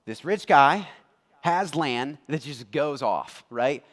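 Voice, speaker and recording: A male pastor preaching in a lively, conversational way, with a fairly high voice. Long reverb from a church hall trails each phrase. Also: slow. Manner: animated, conversational, acts out quotes. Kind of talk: sermon.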